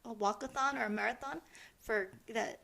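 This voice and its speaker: Middle-aged woman, podcast co-host, gravelly, soft and halting. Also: a little high. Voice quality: soft, halting, many restarts. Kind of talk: casual chat.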